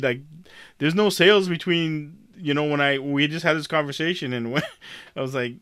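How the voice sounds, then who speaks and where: A man's voice: a little high, a little fast, fairly bright tone, clear, resonant tone, no room sound, clean studio sound. A man on a podcast telling a story in a casual chat, profane and laughing often. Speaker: podcast co-host.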